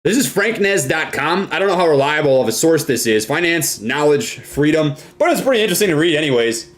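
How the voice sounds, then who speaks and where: A man's voice: on the high side, animated, brisk. A young man from Minnesota hosting a casual live stream, reading viewer comments and often ending lines with "right?" and "man".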